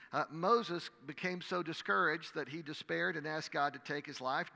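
A man preaching a sermon, reading scripture dramatically and crying out the quoted prayers loudly. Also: a little high, vocal fry. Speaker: pastor. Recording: long hall reverb.

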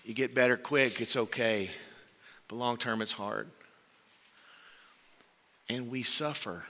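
A man's voice: medium pitch, steady tone, slow pace, big-room sound. A man preaching a sermon, earnest, telling stories to make his point. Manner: earnest, storytelling, shouts out quoted voices.

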